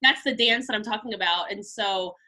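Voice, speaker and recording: A woman's voice: mid-range voice, brisk, bright, forceful tone. A woman in her thirties, a podcast guest chatting casually and filling her talk with "like" and "you know". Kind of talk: casual interview chat.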